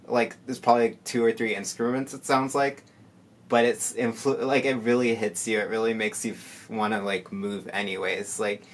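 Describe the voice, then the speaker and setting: A soft-spoken man in casual reaction commentary, rambling with many fillers and sounding tired. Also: on the low side. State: tired from lack of sleep. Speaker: musician reacting to music. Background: faint music playing.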